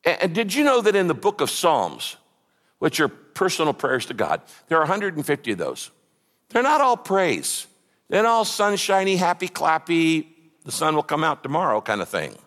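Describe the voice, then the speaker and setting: A man's voice: fairly high pitch, huge pitch swings, normal speed, fairly bright tone. A man preaching a sermon with passion and emphatic repetition, in a large hall. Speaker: pastor. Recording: echoey hall.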